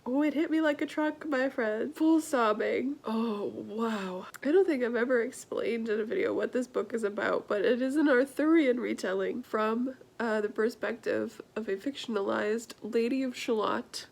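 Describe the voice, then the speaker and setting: A young woman chatting casually in a book vlog, stuffy-nosed from crying, emotional and laughing often, sometimes dropping to a soft whisper. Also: fairly high pitch, normal speed, vocal fry, slight background noise. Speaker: book vlogger.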